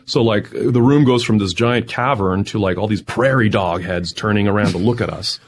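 In an interview, a man who is a tech entrepreneur shares his story in a lowish voice at a moderate pace, laughing often and sounding excited.

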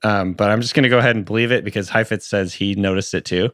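A man's voice: on the low side, fairly even intonation, fast, a bit bright, no echo, clean studio sound. A man co-hosting a casual sports podcast, laid-back and self-deprecating. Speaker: podcast co-host. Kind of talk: casual chat.

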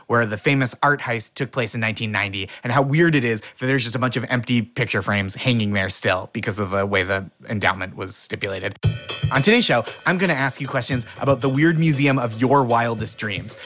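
A man hosting a comedy podcast, playful and quick with jokes, leading a game segment. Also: mid-range voice, a bit bright. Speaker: podcast host. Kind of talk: casual comedic chat, game host.

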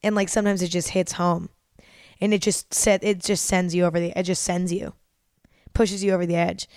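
A woman's voice: fairly low pitch, flat delivery, a little fast, a little mellow, clear, resonant tone, no echo, studio quality. A young woman hosting a casual solo podcast, talking openly and rambling, swearing freely as she goes. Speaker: podcast host.

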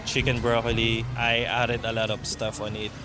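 A man, giving quiet, mumbled, short answers in an interview. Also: medium pitch, completely flat delivery, normal speed, noisy background. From Philippines. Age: 20s. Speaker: interviewee, chef.

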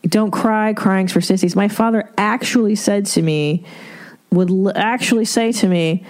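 A woman's voice: medium pitch, moderate pace, darkish tone. A middle-aged woman hosting an advice podcast, talking candidly and profanely with laughs and rhetorical asides. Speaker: podcast host giving advice. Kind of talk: casual advice podcast monologue.

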